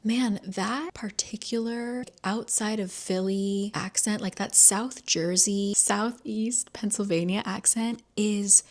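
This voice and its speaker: A woman vlogger chatting casually, rambling with lots of fillers. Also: medium pitch. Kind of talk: casual chat.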